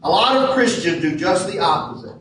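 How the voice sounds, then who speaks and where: A man preaching a sermon as pastor in a church sanctuary, measured and leaning hard on key words. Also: high voice, animated, a bit bright, slight background noise. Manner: measured preaching with emphatic stresses. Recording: echoey hall from far off.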